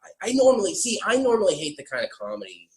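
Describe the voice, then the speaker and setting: A man hosting a podcast in casual film chat, his voice pitched a little high and swinging widely as he laughs and restarts. The sound is roomy and echoey. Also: fast, a crowd in the background. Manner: animated, laughs often, stumbles over restarts. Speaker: podcast host.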